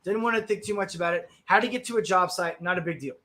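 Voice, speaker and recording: A man hosting a blunt talk stream, telling stories in a profane, animated way and stumbling over repeated words when worked up. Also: high-pitched, fast talker, a little hiss or hum. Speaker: stream host. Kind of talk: blunt casual storytelling.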